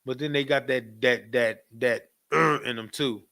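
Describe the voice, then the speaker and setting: Bright-voiced man preaching to a class. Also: medium pitch, a little slow, few pauses. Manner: animated, repetitive, frequent asides to the audience; laughs often while talking. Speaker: class teacher.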